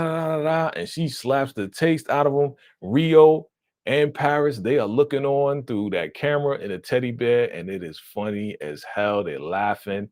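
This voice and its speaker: A man hosting a casual live-stream reaction, animated and laughing, acting out quotes in a raised voice. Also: on the low side, no room sound, studio quality.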